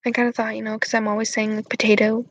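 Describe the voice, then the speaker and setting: A woman's voice: a little high, completely flat delivery, fast talker, dry recording, rough recording. A young woman hosting her channel, chatting casually with viewers in a rambling, giggly way full of fillers.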